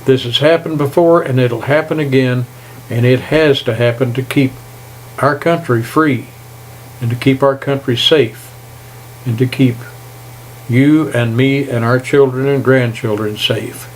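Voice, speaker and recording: An older man giving a folksy, indignant political rant, pausing to read stumblingly from notes. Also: medium pitch, steady tone, slight background noise, poor audio. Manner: folksy, reads haltingly, indignant. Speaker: political commentator. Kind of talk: opinion rant to camera.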